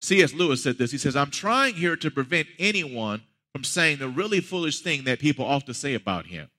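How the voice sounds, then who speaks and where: A man's voice: on the high side, very animated, a little fast, bright, forceful tone, long reverb tail. A man preaching a sermon as a pastor, talking conversationally and building to emphatic peaks.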